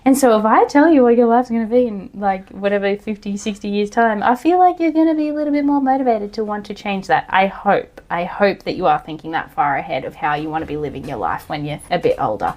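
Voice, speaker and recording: A woman, talking through a solo coaching podcast in a blunt, casual way, swearing now and then and yelling out acted lines. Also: medium pitch, expressive, fast, hardly any pauses. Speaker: online coach and physiotherapist.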